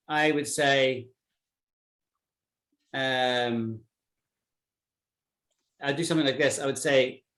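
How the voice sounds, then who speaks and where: A man's voice: mid-range voice, fairly bright tone. A man from Britain teaching an online English lesson, patiently repeating words to show how they sound. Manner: patient, repeats words slowly to model pronunciation.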